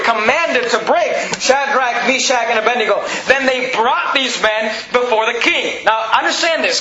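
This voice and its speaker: A man preaching a sermon, reading scripture aloud and breaking into emphatic, near-shouted exhortation. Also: very high-pitched. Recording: echoey, slightly dull room sound with faint noise.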